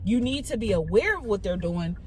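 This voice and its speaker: A woman's voice: mid-range voice, animated, a little fast, darkish tone, slight background noise, rough recording. A woman vlogger in casual, chatty storytelling with many fillers, giving faith-based encouragement. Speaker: Christian vlogger.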